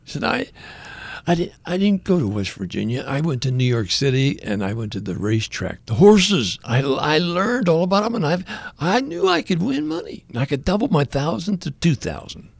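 An older man telling a personal story as a radio guest, animated, acting out the voices of the people he quotes. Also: fairly high pitch, moderate pace, creaky, no echo. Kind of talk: conversational testimony.

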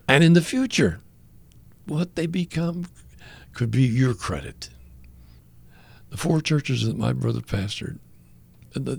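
An older man telling a personal story as a radio guest, animated, acting out the voices of the people he quotes. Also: mid-range voice, vocal fry, slightly rough. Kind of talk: conversational testimony.

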